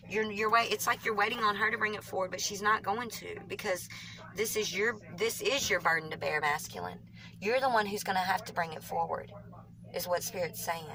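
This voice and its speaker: A woman with a Southern US country twang, reading tarot cards for viewers in a fast, rambling way, often correcting herself mid-sentence. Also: medium pitch, sharp tone, slight background noise, rough recording. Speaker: tarot reader.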